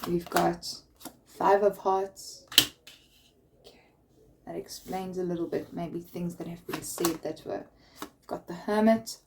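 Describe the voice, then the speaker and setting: A young woman giving a spoken tarot reading in a gentle, soothing way, often restarting her sentences. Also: on the low side, fairly even intonation, slow pace, vocal fry, pauses often, noisy background. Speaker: tarot reader.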